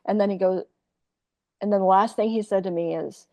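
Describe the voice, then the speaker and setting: A woman's voice: medium pitch, steady tone, fairly quick, muffled recording. A woman in her sixties, a podcast guest telling a candid personal story in a rambling, profane way, full of fillers and restarts.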